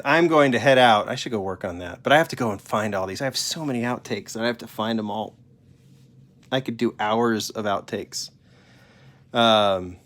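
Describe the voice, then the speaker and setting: A man's voice: on the low side, a bit bright. A man hosting a live stream, chatting casually and rambling in a candid, joking way. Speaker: host.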